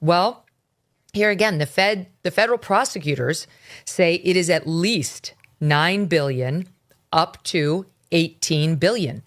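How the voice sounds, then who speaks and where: Lower-voiced woman news commentator. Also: takes it slowly.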